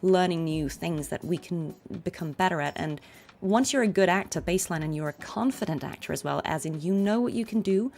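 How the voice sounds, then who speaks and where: Speaking with a neutral RP English accent, this woman has a lowish, somewhat dark voice. She's a voice actor streaming a game, offering casual commentary and laughing often.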